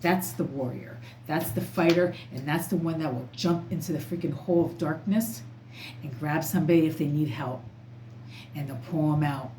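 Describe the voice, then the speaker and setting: A woman's voice: low voice, normal speed, warm tone. A woman tarot reader talking casually to camera in an emphatic, rambling, outspoken way. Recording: echoey room, faint background noise.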